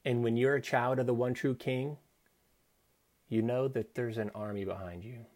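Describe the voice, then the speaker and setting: Male speaker, earnest devotional talk, reflective delivery with soft quoted lines. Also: medium pitch, steady tone, normal speed. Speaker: Christian speaker.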